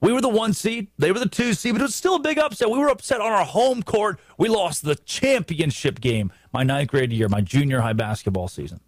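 A man's voice: sits high, fairly quick, hardly any pauses, dry recording. Man, sports talk host, emphatic, repeats himself, dry close sound. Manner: emphatic and animated, with frequent restarts and repetition. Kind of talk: animated sports commentary.

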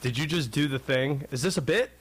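A man's voice: fairly high pitch, a little fast, breathy edge. A man from North Carolina in his thirties hosting a sports talk radio show, talking in a wry, digressive way.

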